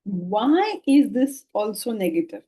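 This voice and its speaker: An older woman with an Indian English accent giving a spiritual lecture on scripture, lively and full of rhetorical questions and laughter. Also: medium pitch, slow, poor audio. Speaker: Vedanta teacher.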